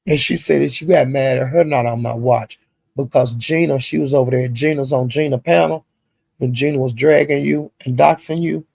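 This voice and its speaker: Gravelly man gossiping about online drama. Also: mid-range voice, normal speed, no echo. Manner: gossipy, animated retelling with slang and profanity. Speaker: commentary channel host. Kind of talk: casual recap of online drama.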